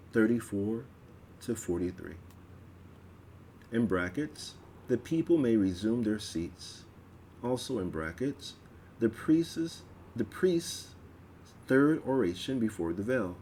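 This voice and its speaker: Slow, measured male reader. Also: medium pitch, warm tone, a little hiss or hum. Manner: slow, measured reading with stumbles. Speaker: reader of a religious text. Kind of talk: reading aloud a ritual text.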